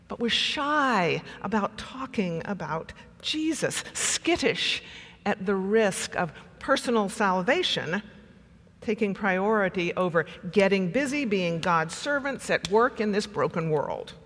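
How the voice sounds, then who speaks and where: A pastor preaching a sermon with measured delivery and dramatic pauses. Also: mid-range voice, lively intonation, a bit bright, long reverb tail.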